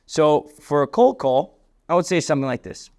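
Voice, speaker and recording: A young adult man giving a sales training talk, energetic and emphatic, acting out cold call lines as he coaches. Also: on the high side, normal speed.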